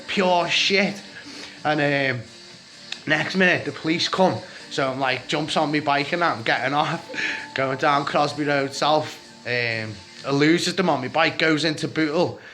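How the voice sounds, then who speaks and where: Man, 40s, Scouse accent, slightly high voice; rambling, heated storyteller who swears a lot. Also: sharp tone. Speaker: vlogger telling his life story. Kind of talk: casual storytelling vlog.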